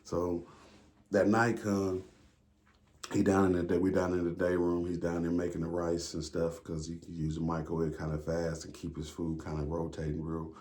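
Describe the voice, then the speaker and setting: A man's voice: low voice, completely flat delivery, moderate pace, a little mellow. A man telling a prison story in a casual, rambling monologue, full of slang and swearing. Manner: slangy, profane, rambling with fillers.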